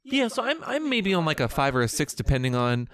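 A man's voice: fairly high pitch, very animated, a bit bright. A man co-hosting a podcast in casual chat, teasing and joking with his co-host. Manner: teasing, playful, quick with jokes.

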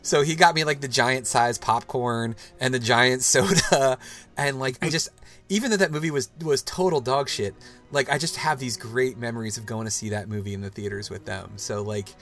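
A man's voice: mid-range voice, normal speed, fairly bright tone, faint music behind. Rambling casual man hosting a chat. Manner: rambling, loose, full of "like" and restarts. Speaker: podcast host.

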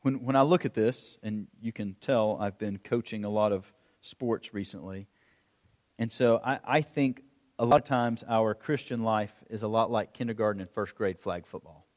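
A middle-aged man preaching a sermon, telling stories in an animated way and acting out the calls of a coach. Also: fairly low pitch, normal speed. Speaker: pastor. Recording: long hall reverb.

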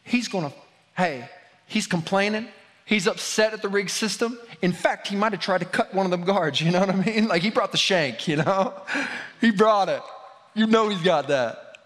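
Male pastor, higher-pitched voice, conversational sermon that swings from loud to hushed, long church reverb. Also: moderate pace. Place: church hall.

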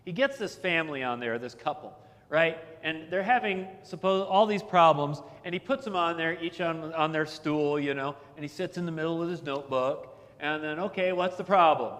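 A middle-aged pastor speaks at normal speed in a slightly high, slightly bright voice, preaching a conversational sermon. Long hall reverb colors the audio as he tells anecdotes and repeats words to drive each point home.

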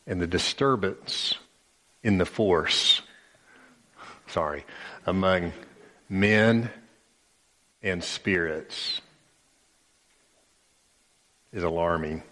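Slow, low-voiced pastor preaching. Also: male voice, a bit bright, big-room sound. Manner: emphatic, dramatic storytelling. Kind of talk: sermon.

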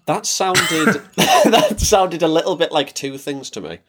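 Dry, rambling podcast co-host. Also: male voice, on the high side, sing-song, unhurried, fairly bright tone. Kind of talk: casual podcast chat.

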